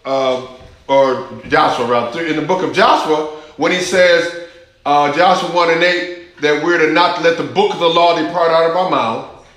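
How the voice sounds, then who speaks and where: A man preaching a sermon, emphatic, rising to high urgent questions and dropping to low intense asides. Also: steady tone, moderate pace, a bit bright, very echoey, low-quality recording.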